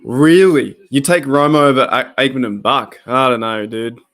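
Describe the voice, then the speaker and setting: Here an Australian-accented man with a mid-range voice hosts a relaxed live-stream reaction to football. At a normal pace, he rambles, then erupts into excitable play-by-play.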